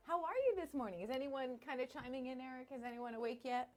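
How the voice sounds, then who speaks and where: A woman's voice: a little high, lively intonation, quick pace, hardly any pauses. A middle-aged woman radio host chatting casually on a live stream from her studio, bubbly and self-deprecating.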